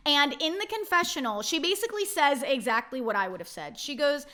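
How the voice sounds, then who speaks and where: Bright, animated young woman ranting. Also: high-pitched, moderate pace, few pauses. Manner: blunt, swears freely, heavy use of "like". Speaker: reality TV recap host. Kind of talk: casual opinionated recap.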